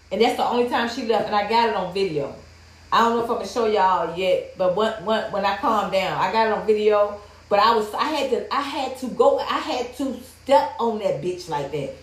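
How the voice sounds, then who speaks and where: Speaking a little fast in an animated, mid-range voice, a woman vents on her livestream, swearing and getting heated as she talks bluntly to viewers. There's a roomy echo to the sound.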